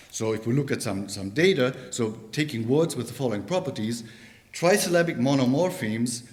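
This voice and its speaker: A man giving an academic conference talk on linguistics in a university lecture room, pausing often and restarting his sentences. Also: medium pitch. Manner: halting, with many fillers and restarts.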